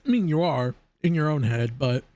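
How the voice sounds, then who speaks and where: A man's voice: mid-range voice, expressive, normal speed, warm tone. A man live-streaming casual commentary, rambling and often stammering over repeated words.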